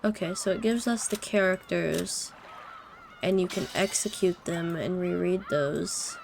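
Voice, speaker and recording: A woman's voice: fairly low pitch, measured pace, vocal fry, a little hiss or hum. Chatty woman streamer reacting to a game. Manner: excitable, chatty, thinking aloud. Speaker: let's-play streamer. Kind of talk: casual game commentary.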